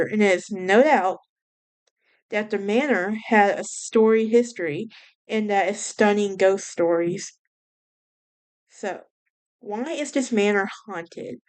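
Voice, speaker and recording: A woman's voice: medium pitch, darkish tone, smooth. A woman with a Southern US accent, hosting a podcast and chatting about a haunted house with a casual, self-correcting manner. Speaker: podcast host.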